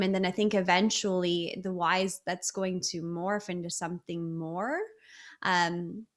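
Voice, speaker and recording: Earnest woman guest telling her story. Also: medium pitch. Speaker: interview guest. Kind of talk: casual interview talk.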